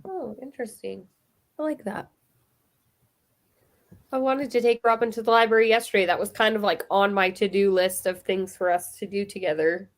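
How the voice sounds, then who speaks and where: A woman's voice: medium pitch, moderate pace. A young woman, co-hosting a book club and chatting casually, laughing often and quoting herself. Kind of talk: casual chat.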